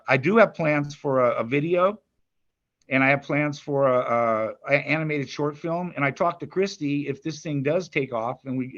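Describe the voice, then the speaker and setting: A man's voice: mid-range voice, a bit bright, highs cut off. An older man, a grandfather and musician, chatting in an interview, rambling with restarts and stammers. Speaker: musician guest. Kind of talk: casual interview chat.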